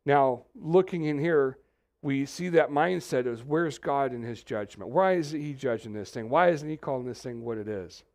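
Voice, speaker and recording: A man's voice: mid-range voice, lively intonation, normal speed, darkish tone. A man from Texas, preaching a sermon as pastor and wandering into joking asides.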